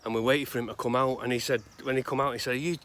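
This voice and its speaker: A man's voice: medium pitch, flat delivery, a bit bright. Man rambling outdoors. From Salford, England. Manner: rambling and conversational, with many pauses. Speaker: grave-visiting vlogger. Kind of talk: casual spoken tribute and storytelling. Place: outdoors in a cemetery. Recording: outdoor noise behind the voice.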